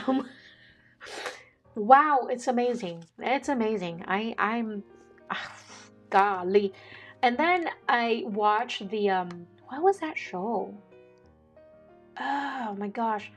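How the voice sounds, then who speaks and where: A woman, chatting casually as a vlogger, excitable and quick to laugh. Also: fairly high pitch, faint music behind. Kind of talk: casual chat.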